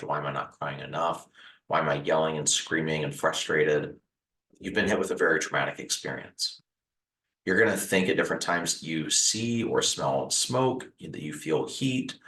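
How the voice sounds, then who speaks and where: A deep-voiced man hosts a video sharing advice on recovering from a house fire, speaking earnestly and straight to the camera. His manner is gentle and reassuring, with repetitive phrasing and fillers. The audio is poor and reverberant.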